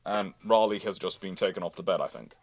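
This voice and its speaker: A man's voice: deep voice, fast, slight background noise. A man hosting a livestreamed naval history lecture, talking conversationally with fillers and self-corrections and answering viewer questions.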